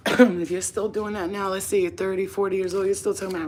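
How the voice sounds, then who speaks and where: A woman casually chatting to her viewers at home, blunt and profane, animated and sometimes dropping to a soft whisper. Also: mid-range voice, fairly quick, slight background noise. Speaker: spiritual channel host. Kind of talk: casual straight-to-camera chat.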